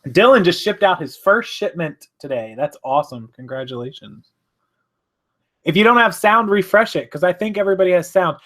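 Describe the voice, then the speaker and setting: A man chats on a live stream from his home office, rambling loosely and correcting himself as he reads out comments. His voice is bright and forceful, sitting slightly above the usual male pitch. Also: animated, normal speed. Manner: rambling, chatty, self-correcting. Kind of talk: casual live-stream chat, reading viewer comments.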